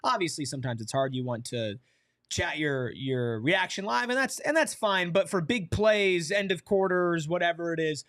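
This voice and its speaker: Excitable man hosting a game watch-along. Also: fairly high pitch, normal speed, dry recording, studio quality. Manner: excitable, reads viewer chat aloud, reacts to plays. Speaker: watch-along show host.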